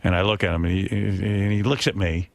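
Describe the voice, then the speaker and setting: A middle-aged man with a fairly low voice, hosting a radio talk show. He tells a self-deprecating, profane story and slips into quick impressions of the people he quotes. The sound is dry and close, like a studio broadcast mic. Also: steady tone, dry recording. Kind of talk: casual talk radio chat.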